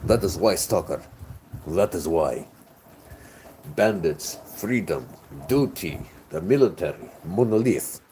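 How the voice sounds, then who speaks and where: A man's voice: low voice, lively intonation, slow pace, warm tone, a little hiss or hum, rough recording. A tipsy man voicing a gritty male scavenger who hunts artifacts in a forbidden zone, speaking in a grandiose, declamatory way.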